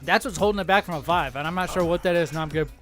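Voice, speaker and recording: Man podcast co-host, high pitch, rowdy crude jokester, casual chat. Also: rapid-fire, faint music behind. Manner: loud, joking, crude banter. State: sweating from spicy snacks.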